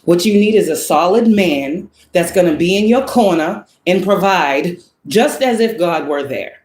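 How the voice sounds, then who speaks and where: A woman's voice: on the low side, lively intonation, unhurried, darkish tone, reverberant. A woman giving a spiritual tarot reading to viewers, talking in a blunt, profane, preaching way and firing off rhetorical questions. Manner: asks the listener many rhetorical questions. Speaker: spiritual reader.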